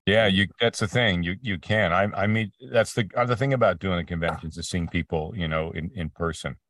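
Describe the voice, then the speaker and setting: Animated storytelling man, a bit off-mic. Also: deep voice, brisk, dry recording, studio quality, recorded from a distance. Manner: storytelling, many restarts, acts out quoted voices. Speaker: voice actor guest. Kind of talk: casual interview conversation.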